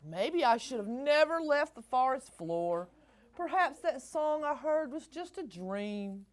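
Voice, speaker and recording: A young, wide-eyed bird speaks in a plaintive storybook voice, which a woman puts on. His words come slowly and drawn out, and his pitch rises and falls a lot. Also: lively intonation. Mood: wondering. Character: young male bird, lost and wondering.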